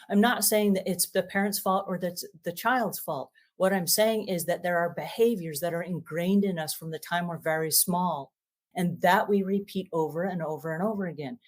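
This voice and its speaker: A middle-aged woman hosting a talk to camera about trust, earnest, often acting out short quoted exchanges. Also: on the low side. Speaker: host.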